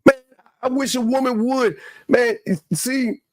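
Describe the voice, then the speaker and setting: A man's voice: very high voice, steady tone, slow, no room sound. A man hosting a live call-in show, talking bluntly and swearing while he mocks a clip. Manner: blunt, cursing, mocking. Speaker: podcast host. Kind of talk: casual live call-in talk.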